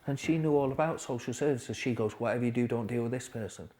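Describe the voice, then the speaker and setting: A man speaks as a podcast guest, with a voice of middling pitch. His story comes out halting and low, full of restarts, and it gets quieter where the story is hardest. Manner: quiet, halting storytelling with restarts, dropping softer at hard moments. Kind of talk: recovery story interview.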